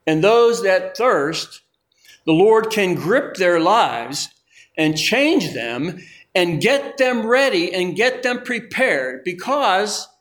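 Slow, emphatic male preacher. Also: high-pitched. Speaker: pastor. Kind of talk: sermon.

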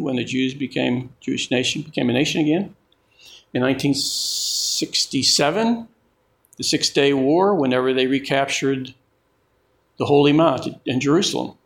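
A male preacher delivers a sermon at an unhurried pace. His voice sits a little high, and he drives his points home by repeating words. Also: vocal fry. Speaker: pastor.

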